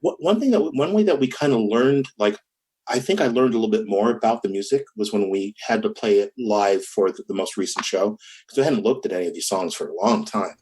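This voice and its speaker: A man's voice: on the low side, a little fast. Man telling studio stories with laughter. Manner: animated, laughing, hums rhythms, many restarts. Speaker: musician guest. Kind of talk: casual storytelling interview.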